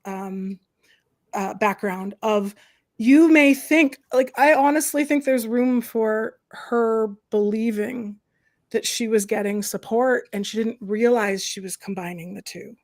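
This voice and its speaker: A woman host chatting casually on a livestream, animated and opinionated, tossing in "like" and "right?" often. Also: on the high side, takes it slowly. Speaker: host, professor and counsellor.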